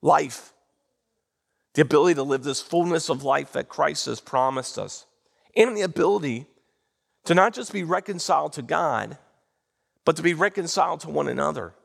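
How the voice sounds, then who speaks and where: A man preaching a sermon in church, animated and drawing responses from the congregation. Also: a little high, normal speed, vocal fry, pauses often, slightly rough. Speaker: pastor. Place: church sanctuary.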